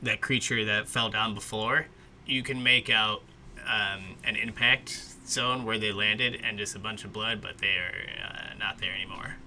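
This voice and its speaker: Bright-voiced man running a tabletop game. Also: lowish voice, steady tone, moderate pace, slight background noise. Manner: hesitant, many fillers. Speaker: game master.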